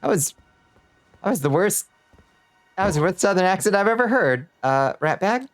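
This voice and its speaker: A woman's voice: medium pitch, animated, moderate pace, faint music behind. Chatty, easygoing woman streaming a game. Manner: chatty and easygoing, laughs often, thanks viewers. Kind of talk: casual gameplay streaming, chatting with viewers.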